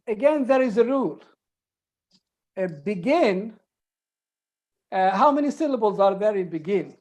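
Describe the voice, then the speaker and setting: A woman teaching an online group English lesson, patiently repeating examples and explaining rules step by step. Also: mid-range voice.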